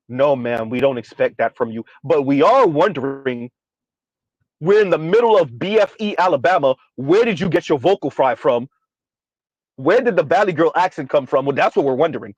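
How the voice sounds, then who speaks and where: A man's voice: on the high side, animated, moderate pace, no room sound, highs cut off. A man ranting in a sardonic, exasperated commentary vlog, hammering his points by repeating them. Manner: sardonic, exasperated, repetitive emphasis. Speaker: commentary vlogger.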